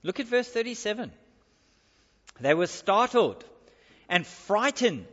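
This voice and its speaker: A man's voice: high voice, very animated, takes it slowly, long pauses, a bit bright, husky. A male pastor preaching a sermon in church, emphatic and repeating his key phrases. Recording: dull recording with long hall reverb.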